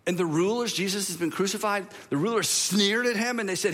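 A man's voice: sits high, fairly quick, few pauses, long reverb tail. A male pastor giving a humorous sermon, telling stories with playful drama. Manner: animated, playful dramatic storytelling.

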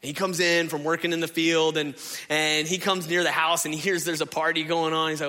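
Pastor, male, bright forceful voice, lively casual preaching, echo of a large hall. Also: on the high side, brisk. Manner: animated, conversational, acts out the people he describes. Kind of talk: sermon. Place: church sanctuary. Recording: reverberant hall.

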